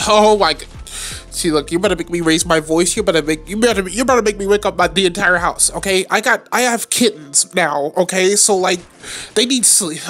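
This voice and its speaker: A man giving live gameplay commentary at home late at night, trash-talking opponents and swearing a lot, with sudden high-pitched yells. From United States. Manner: excitable trash talk with frequent swearing. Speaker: gaming channel host.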